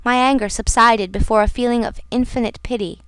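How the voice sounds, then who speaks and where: A woman narrating a classic novel as an audiobook in a measured, dramatic reading. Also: on the high side, steady tone, fairly bright tone, clear, resonant tone, no echo. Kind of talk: scripted narration.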